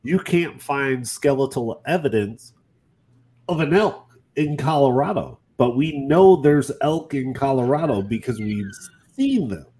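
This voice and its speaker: A man's voice: medium pitch, expressive, a little slow, dark tone. A man co-hosting a podcast in casual chat, rambling and self-deprecating. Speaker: podcast co-host.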